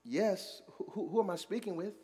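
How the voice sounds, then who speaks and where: Brief: pastor voicing a puzzled telemarketer, hesitant and polite, reverberant hall. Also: male voice, high voice, moderate pace, dark tone, voice pushed down, natural voice. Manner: hesitant, polite, lots of ums. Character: puzzled adult male telemarketer.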